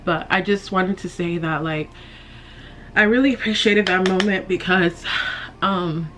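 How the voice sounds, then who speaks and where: A woman's voice: on the low side, a little slow, noisy background. A young woman chatting casually while doing her makeup, emotional and close to tears, sighing and laughing nervously. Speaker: beauty vlogger. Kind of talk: casual get-ready-with-me chat.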